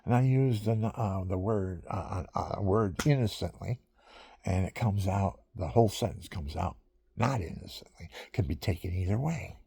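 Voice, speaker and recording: A man's voice: deep voice, moderate pace, vocal fry, warm tone, slightly rough. A man rambling through stories in a casual monologue he is taping himself, drifting from one thing to the next and chuckling often.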